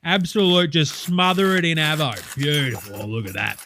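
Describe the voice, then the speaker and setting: A man's voice: on the high side, very animated, moderate pace, sharp tone, a little hiss or hum, exaggerated voice. A man putting on a brash, sweary, boisterous Australian cooking-show host in a comedy sketch, with hammy showman patter.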